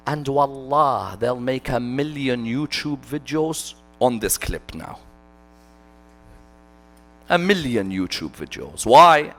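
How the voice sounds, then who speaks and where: Male lecturer, fervent sermon style, highly animated pitch, loud then hushed. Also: slow, faint music behind. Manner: impassioned, rhetorical questions, swings from loud to hushed. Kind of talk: religious lecture. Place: mosque hall.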